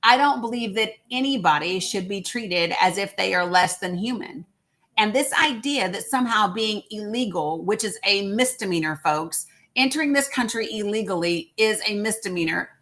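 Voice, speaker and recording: A woman's voice: medium pitch, normal speed, fairly bright tone. A woman hosting a political livestream, talking bluntly to her viewers and swearing. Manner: blunt, profane, addresses viewers directly. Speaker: host.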